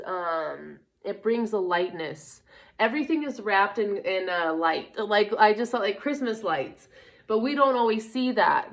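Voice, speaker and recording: A young woman chats her way through a spiritual card reading. She rambles, stops to hunt for words, and breaks into small laughs. Her nose is running. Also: medium pitch. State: runny nose. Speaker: tarot card reader. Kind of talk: casual spiritual vlog talk.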